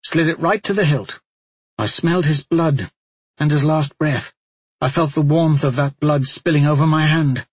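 A man's voice: a little high, moderate pace, husky, no echo, voice pushed up. A man voicing a haunted, guilt-ridden male adventurer in an audiobook, speaking in a strained, tense way.

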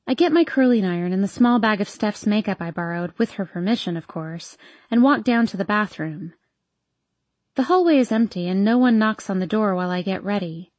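Brief: woman narrator, romance audiobook, mellow tone, dry close mic, steady read. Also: medium pitch, no echo.

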